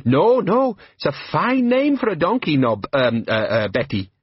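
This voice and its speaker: A flustered, bumbling sergeant, as a man puts him on in a comic audiobook. He stammers and his voice climbs high when caught out. Husky, dry, slightly dull sound. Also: huge pitch swings, moderate pace, no echo, exaggerated voice.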